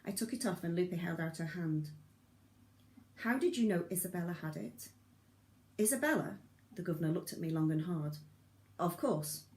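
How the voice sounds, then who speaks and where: A woman narrating a novel in an audiobook reading, steady and measured. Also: fairly low pitch, roomy sound. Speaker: audiobook reader.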